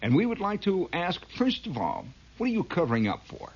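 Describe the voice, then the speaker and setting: A man's voice: high voice, huge pitch swings, brisk, a little mellow, breathy edge, voice pushed up, heavily acted. A man voicing a stern male TV interviewer who fires pointed, accusing questions. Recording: dull lo-fi old recording.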